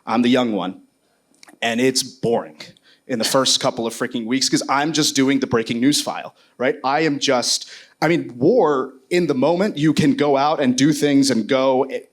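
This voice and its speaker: A man speaking as a war correspondent on a panel, telling his story candidly and casually, with many fillers and restarts. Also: medium pitch.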